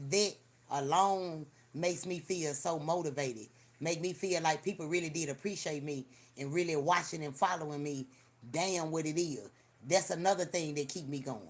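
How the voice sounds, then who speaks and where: A woman hosting a livestream, telling profane, animated stories in casual chat with lots of repetition. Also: low-pitched. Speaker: livestream host. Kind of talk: casual storytelling to a live audience.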